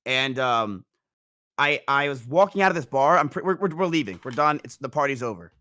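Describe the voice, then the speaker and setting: A young man in casual chat, telling a long story in a rambling, animated way. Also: mid-range voice, a little fast. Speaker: guest storyteller.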